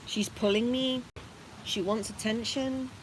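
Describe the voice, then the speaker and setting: A woman hosting a casual vlog, talking softly and gently and cooing to her rabbits between explanations. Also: on the high side, fairly even intonation, unhurried, a little hiss or hum, rough recording. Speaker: rabbit owner and channel host. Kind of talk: casual vlog narration while tending pets.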